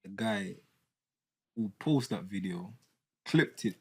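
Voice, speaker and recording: Low-voiced man explaining. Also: expressive, slow pace, husky. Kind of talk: casual discussion.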